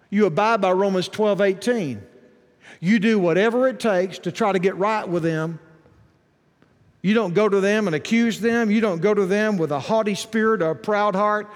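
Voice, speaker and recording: A male pastor preaching a sermon, swinging from soft asides to shouted emphasis. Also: sits high. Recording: long hall reverb.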